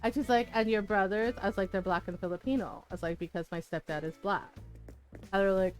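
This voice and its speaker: A woman streamer chatting casually while playing a game, frank and quick to laugh, swearing freely and acting out the people in her stories. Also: mid-range voice, fairly even intonation, faint music behind. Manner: frank, swears freely, laughs often, retells dialogue animatedly. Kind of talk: casual chat while gaming.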